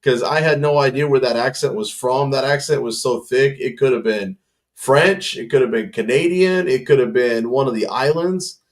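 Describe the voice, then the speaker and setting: A man's voice: medium pitch, normal speed. A man hosting a livestream, chatting casually and rambling through stories. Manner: rambling, storytelling with restarts. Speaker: livestream host. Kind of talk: casual chat.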